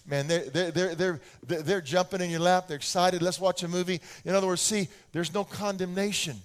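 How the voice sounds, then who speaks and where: A man's voice: high-pitched, brisk. An older American man preaching a sermon, telling stories and acting out little scenes with his children's voices. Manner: animated storytelling, acts out voices of his kids.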